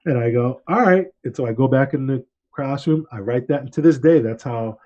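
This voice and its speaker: A man and podcast host telling a story in casual chat, relaxed and animated when quoting people. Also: mid-range voice, a little fast, muffled recording.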